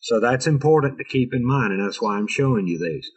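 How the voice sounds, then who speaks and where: Guy teaching engineers over a video call, kinda husky voice, jokey and sarcastic here and there. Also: mid-range voice, animated, a little fast, low-quality recording. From North America. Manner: chatty and joking, with sarcastic asides. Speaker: presenter of an engineering training session. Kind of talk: informal technical lecture over video call.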